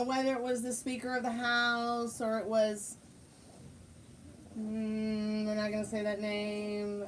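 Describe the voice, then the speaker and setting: A woman's voice: a little high, slight background noise, rough recording. A woman hosting a casual livestream chat at home, greeting viewers and rambling with many fillers and restarts. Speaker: livestream host.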